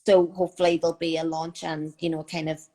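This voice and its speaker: A woman's voice: low-pitched, flat delivery, fast, warm tone. A young woman with a Northern Irish accent, chatting casually as a guest on a live video call from home, with lots of fillers. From Northern Ireland.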